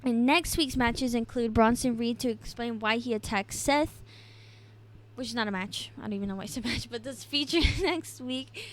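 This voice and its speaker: A young woman co-hosts a podcast, chatting casually through a recap of the week's wrestling. Her voice is fairly high and moderately paced, she's giggly with lots of ums, and there's a little hiss or hum in the recording.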